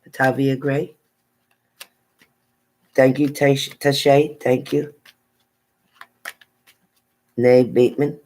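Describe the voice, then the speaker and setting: A woman's voice: very deep voice, level tone, slow, long pauses, dark tone, poor audio. A woman tarot reader chatting casually on a live stream, reading out viewers' names and sometimes stumbling over them.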